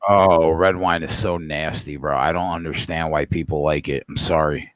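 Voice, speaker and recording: A man with a very deep voice co-hosts a casual podcast chat. He sounds dry and close to the mic. He is blunt and profane, with mock-dramatic flair. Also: steady tone, moderate pace, dry recording.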